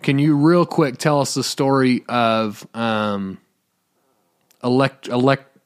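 A man's voice: medium pitch, steady tone, slow, clean tone. Playful man hosting a chat podcast. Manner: teasing, playful follow-up questions. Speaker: podcast co-host. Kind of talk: casual interview.

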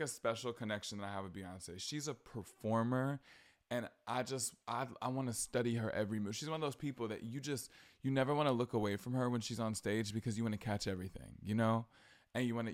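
A man's voice: mid-range voice, a little fast. A man hosting a casual pop culture podcast, gushing and rambling, swearing freely as he talks. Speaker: podcast host.

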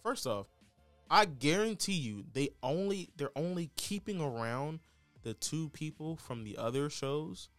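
A man's voice: on the high side, animated, measured pace, dry recording, faint music behind. A man co-hosting a podcast in casual chat, rambling and hedging as he talks over reality TV. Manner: rambling, hedging, with frequent restarts. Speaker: podcast co-host.

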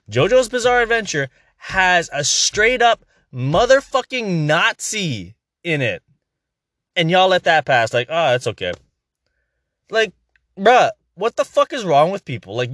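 A man's voice: on the high side, fairly bright tone, dry recording, studio quality. A young man hosting a podcast, ranting in a heated, profane, exasperated way in casual commentary.

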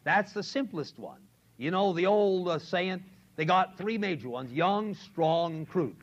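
A man's voice: high voice, expressive, unhurried. Older man preaching on lo-fi tape. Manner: emphatic, repetitive, asks the audience "see?". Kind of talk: sermon to a men's class. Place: college classroom. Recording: lo-fi 1970s tape recording.

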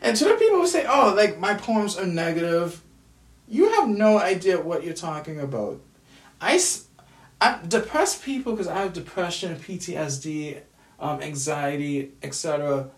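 A man's voice: a little high, animated, moderate pace, distant mic. Frustrated man ranting in an echoey room. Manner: frustrated, swearing, repeats himself. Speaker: vlogger. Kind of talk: venting rant to camera. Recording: roomy echo, away from the mic.

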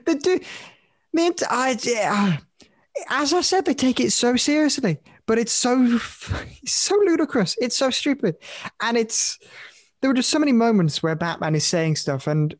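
A man's voice: extremely high pitch, big pitch swings, moderate pace, no echo, studio quality. A young man co-hosting a podcast, chatting casually and animatedly, laughing and swearing now and then. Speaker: podcast co-host. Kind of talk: casual chat.

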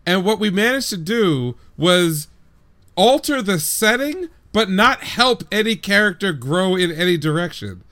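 A man's voice: high-pitched, lively intonation, measured pace, a bit bright. A man co-hosting an anime podcast, casually talking through his reasoning point by point. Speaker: podcast co-host. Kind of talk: casual chat, anime review.

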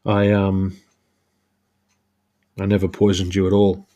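A man's voice: deep voice, monotone, slow, dark tone, highs cut off. A man putting on a smug, gloating male supervillain while retelling a comic.

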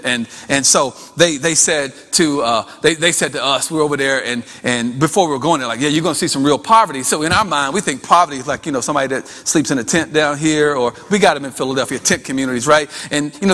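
A man preaching a sermon, animated, acting out voices with folksy asides. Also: a little high. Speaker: pastor. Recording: long hall reverb.

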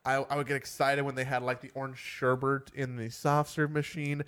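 A man hosting a casual podcast, rambling and self-deprecating in quick bursts, with a groggy morning voice. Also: medium pitch, little pitch movement, a bit bright, smooth. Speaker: podcast host.

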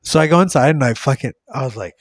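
A man's voice: medium pitch, expressive, quick pace, no room sound, clean studio sound. A young man hosting a podcast, telling a rambling, crude story full of swearing and acted-out quotes. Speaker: podcast host.

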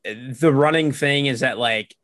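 A young man telling stories in a casual podcast chat, animated and full of fillers. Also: mid-range voice, unhurried, slight background noise. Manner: animated storyteller, lots of "like". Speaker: podcast guest.

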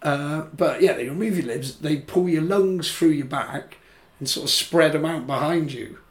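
A man's voice: a little high, moderate pace, a little hiss or hum. An English man co-hosting a comedy podcast, telling a grisly story in a rambling, casual way with frequent restarts and swearing. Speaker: podcast co-host. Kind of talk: casual chat.

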